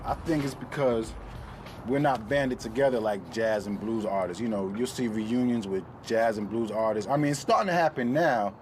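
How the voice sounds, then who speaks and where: A man's voice: medium pitch, normal speed, music in the background. A male rap artist answering interview questions in a loose, conversational way, leaning on "you know.".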